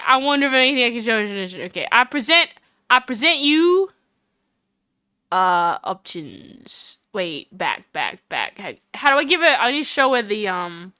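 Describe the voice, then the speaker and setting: A woman's voice: on the high side, pushed and bright, clear, resonant tone, dry recording. A woman streamer giving chatty, giggly commentary while playing a game and talking to her chat on a close desk mic. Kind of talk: casual let's-play commentary.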